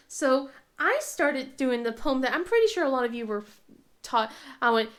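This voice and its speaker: Woman in her thirties, casual craft vlogger, a touch high-pitched, chatty storyteller. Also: lively intonation, normal speed, a bit bright. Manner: chatty, storytelling with many fillers and laughs. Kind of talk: casual chat while crafting.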